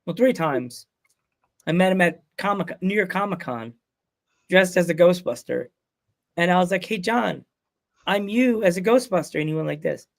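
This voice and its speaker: A man's voice: high voice, expressive, normal speed, vocal fry, pauses often. A man hosting a podcast, telling rambling, jokey stories in casual chat. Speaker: podcast host.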